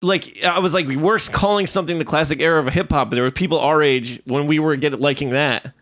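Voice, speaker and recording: Male podcast co-host, loose rambling talker, a touch high-pitched. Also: a little fast, fairly bright tone. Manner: rambling, filler-heavy, profane. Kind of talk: casual chat.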